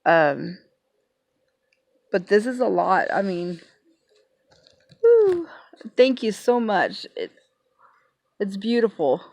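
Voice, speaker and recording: A woman's voice: mid-range voice, animated, slow, vocal fry, long pauses. Emotional woman gushing over gifts. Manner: hesitant, many fillers and restarts. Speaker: vlogger. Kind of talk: casual unboxing vlog. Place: home, passing cars heard outside.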